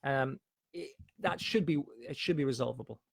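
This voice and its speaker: A man's voice: medium pitch, normal speed, vocal fry, husky, no echo. A man coaching viewers on anxiety in a live-streamed question and answer talk, explaining things patiently and sometimes telling parables with acted quotes.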